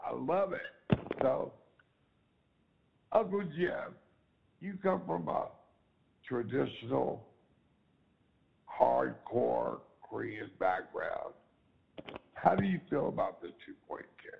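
Slow, gravelly man hosting with gusto. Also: mid-range voice, big pitch swings, phone-quality sound. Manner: enthusiastic, repeats himself, calls the audience ladies and gentlemen. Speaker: show host. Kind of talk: animated online talk show hosting.

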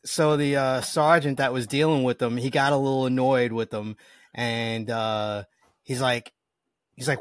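A man, a detective who hosts the show, telling a story in a relaxed, casual way. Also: mid-range voice, unhurried, no room sound. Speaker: detective, podcast host. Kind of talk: casual podcast interview.

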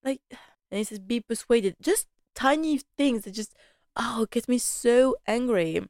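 Chatty woman with a smooth, dry voice. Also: a little high, unhurried, no room sound. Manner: chatty and animated, laughing often, slipping into quoted lines. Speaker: podcast host recapping a TV drama. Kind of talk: casual chat.

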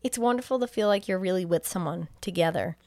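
A woman's voice: lowish voice, quick pace, no room sound. A young adult woman co-hosting a podcast, recapping a film scene by scene and acting out the characters' lines. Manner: animated storyteller acting out lines, laughs often. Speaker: podcast co-host retelling a movie. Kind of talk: casual chat recapping a film.

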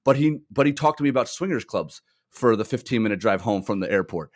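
A man's voice: on the low side, animated, quick pace. A man co-hosting a podcast, chatting casually and telling rambling anecdotes full of "like" fillers. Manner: rambling storyteller, many "like" fillers. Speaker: podcast co-host. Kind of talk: casual chat.

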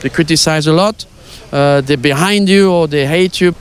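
A man's voice: a little high, normal speed, slight background noise. An older man with a French accent, a former tennis pro, answering interview questions casually and playfully, with lots of fillers and hesitations.

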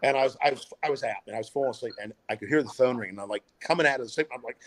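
A man's voice: medium pitch, very animated, racing, hardly any pauses, no echo. A middle-aged man, a filmmaker guest, telling a long story in a casual interview, rambling with many fillers and restarts.

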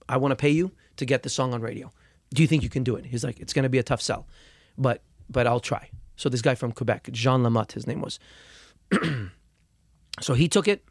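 A young man talking as a musician guest in a casual interview, telling his story with lots of swearing and repeated words, and getting loud when angry. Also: mid-range voice, vocal fry, no echo.

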